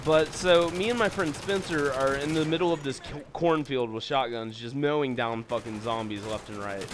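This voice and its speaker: A man's voice: mid-range voice, normal speed, noisy background. A young man telling stories in a casual, rambling way over gameplay, swearing often and leaning on fillers. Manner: rambling, profane, filler-heavy. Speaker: gameplay commentator.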